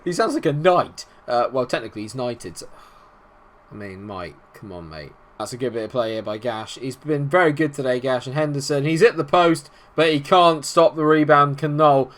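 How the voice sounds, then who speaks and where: A young man casually commenting on his football management game, getting excitable and shouting at big moments. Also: mid-range voice, normal speed. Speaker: gaming YouTuber.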